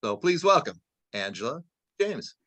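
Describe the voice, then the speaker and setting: A man's voice: medium pitch, sing-song, measured pace, sharp tone, dry recording. A man hosting a storytelling event, introducing the next teller in a casual, slightly flustered way. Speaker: event host. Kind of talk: introducing a speaker.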